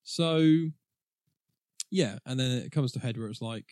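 A man chats casually about an animated film as a podcast co-host, rambling and laughing as he goes. His voice sits at a middle pitch. The recording is dry and close. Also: measured pace, no room sound. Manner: chatty, rambling, laughs often. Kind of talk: casual film review chat.

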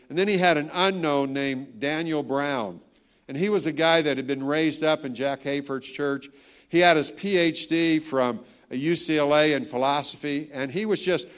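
A guest pastor in his sixties, with a smooth, higher-pitched voice, gives a sermon. He tells stories, jokes with the congregation, and lands his key lines with strong emphasis.

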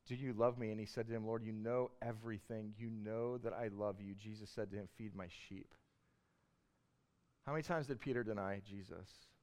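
Male pastor, mid-range voice, relaxed conversational sermon delivery that swells into fervent emphasis. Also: medium pitch. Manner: conversational storytelling, building to passionate emphasis.

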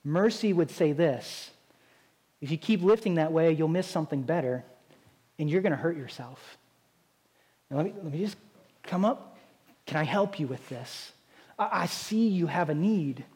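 A man's voice: sits high, darkish tone, husky. A man preaching a sermon as a pastor, in a conversational style with frequent rhetorical "right?" asides.

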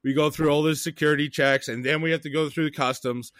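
A man's voice: a little high, fairly even intonation, fast, a bit bright, dry recording, clean studio sound. A man from Canada co-hosting a podcast, telling a travel story in a profane, ranting way. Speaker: podcast co-host. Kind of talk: casual chat.

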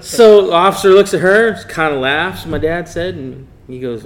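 In this casual interview, a middle-aged hot rod racer spins a racing yarn, mimicking the people he quotes and laughing frequently. His voice is fairly high, and he speaks at a normal speed with few pauses.

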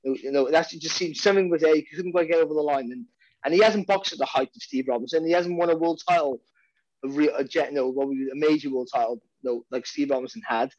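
The Welsh-accented boxing commentator chats casually on a podcast, rambling and restarting sentences with repeated words. He speaks fast in a high, somewhat mellow voice, with dull audio and no echo.

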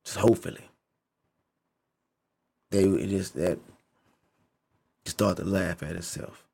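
Deep husky man ranting casually. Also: slow, a little mellow. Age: adult. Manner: emphatic, repetitive, heavy swearing, slangy. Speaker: vlogger. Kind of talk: casual opinion rant.

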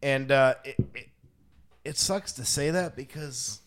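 A man from Rochester co-hosting a casual podcast, speaking in a mid-range voice. His delivery is relaxed and halting, with frequent fillers and restarts. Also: mid-range voice. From Rochester, New York. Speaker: podcast co-host. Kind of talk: casual chat.

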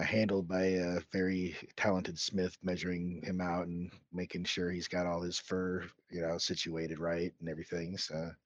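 Man, player, low husky voice, slightly muffled mic, dry, hesitant. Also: no room sound. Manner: hesitant, describing his character's actions. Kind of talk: casual tabletop role-play.

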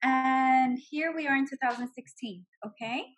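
A woman in her forties recounts her own story with feeling, her voice fairly high and husky. She talks in an animated, heartfelt way, like someone giving a personal testimony. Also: normal speed, poor audio. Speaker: guest sharing her story.

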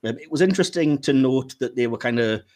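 A man co-hosting a podcast in casual chat, animated and laughing often as he rants. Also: mid-range voice, fast talker. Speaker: podcast co-host.

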